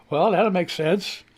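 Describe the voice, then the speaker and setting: A man's voice: high voice, fairly bright tone. A man from Missouri hosting a live radio show in a casual, rambling way, reading social media posts, laughing often and swearing freely.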